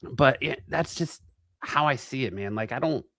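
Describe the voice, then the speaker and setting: A man's voice: mid-range voice, animated, moderate pace, a bit bright, dry recording. A man from Arizona, a guest on a talk show, rambling crudely and mocking himself. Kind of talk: casual chat.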